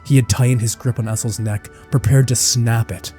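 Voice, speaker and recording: A man's voice: medium pitch, steady tone, normal speed, warm tone, soft background music. A man narrating a dramatic anime fan-fiction story with intense storytelling that rises and falls with the action.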